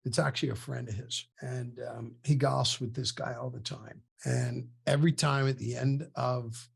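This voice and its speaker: Male sales coach, husky and gravelly, animated storyteller on an online call. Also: medium pitch, normal speed. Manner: animated, acts out the people he quotes. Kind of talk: storytelling case study. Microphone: online meeting with screen share.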